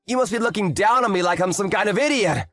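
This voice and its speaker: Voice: medium pitch, expressive, fast, fairly bright tone, soft background music, close to an everyday voice. A voice actor playing a defensive, pleading cheating husband in his late thirties. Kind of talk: voiced story drama.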